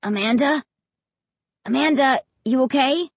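A woman's voice: high-pitched, a little slow, slightly rough, dry recording, pitched above the performer's own voice, heavily acted. Woman doing a timid, jumpy young boy. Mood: scared. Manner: hesitant, calling out nervously.

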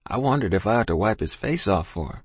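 A man's voice: on the low side, animated, quick pace, husky, dry recording. A man narrating a first-person story in plain, folksy rural dialect, recorded close in a dry studio. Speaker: audiobook narrator.

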